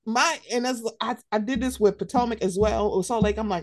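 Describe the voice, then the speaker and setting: A woman with a fairly high voice trades frank, swearing-heavy gossip with her co-host in a loose, animated chat. She keeps breaking into exaggerated mocking impressions of the people she is talking about. Her delivery is quick and opinionated. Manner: blunt, profane, animated; slips into mocking impressions of others. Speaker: podcast co-host.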